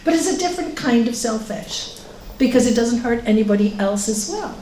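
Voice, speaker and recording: A woman with a fairly high voice gives an informal spiritual talk in a yoga centre room. She speaks earnestly and directly, and often asks the audience questions. She is recorded by a distant room mic, so her voice sounds roomy with faint noise behind it. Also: lively intonation, fairly quick, warm tone. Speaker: spiritual teacher.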